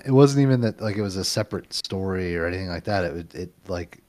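A man on a podcast panel talking casually in halting bursts full of fillers. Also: deep voice, animated, darkish tone. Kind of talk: casual chat.

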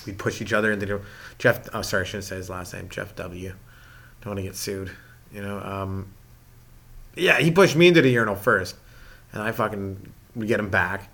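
A man doing a rambling stand-up comedy monologue, his voice jumping up in pitch and volume as he gets worked up. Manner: animated, jumps in pitch and volume when ranting.

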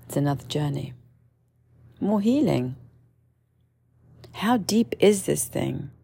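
Woman in her own voice, low and gravelly, unscripted and meandering monologue. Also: expressive, slow, mellow. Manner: candid, meandering, with many fillers and restarts; mimics others with sudden shrill outbursts. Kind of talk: casual storytelling monologue.

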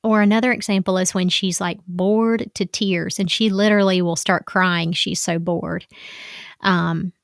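A woman's voice: lowish voice, steady tone, measured pace, creaky, no echo. Chatty woman, dry close sound. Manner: chatty, acts out quoted dialogue, many "like" fillers. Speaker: parent giving advice. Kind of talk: casual monologue.

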